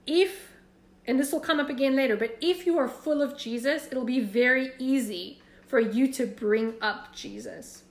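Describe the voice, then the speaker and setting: A woman with a high voice teaches a church class. She gives direct, encouraging instruction. The room around her sounds echoey. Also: moderate pace.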